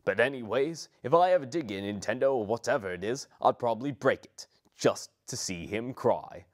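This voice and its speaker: A cranky, sarcastic ancient male spirit, voiced by a young man, whines about his cramped home. His pitch swings lively and animated. The delivery is a comedic fan-parody voice. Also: a little fast, close to an everyday voice. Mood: whiny. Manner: whiny, sarcastic.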